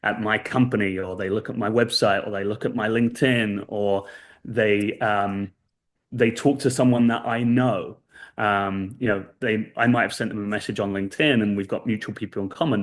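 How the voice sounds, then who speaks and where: Man with a low voice, earnest guest. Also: fairly even intonation, moderate pace. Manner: earnest storytelling, many fillers and "right?" tags. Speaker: guest expert. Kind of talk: casual interview chat.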